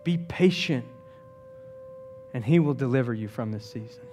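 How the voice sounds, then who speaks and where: A man's voice: medium pitch, moderate pace, faint music behind. A man preaching a sermon as pastor, telling stories with playful jokes. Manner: animated storytelling with jokes.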